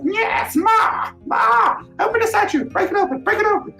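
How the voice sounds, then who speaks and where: A man voicing a frenzied male adventurer who shrilly begs and shouts. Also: very high-pitched, lively intonation, moderate pace, vocal fry, roomy sound, faint music behind, pitched above the performer's own voice, exaggerated voice.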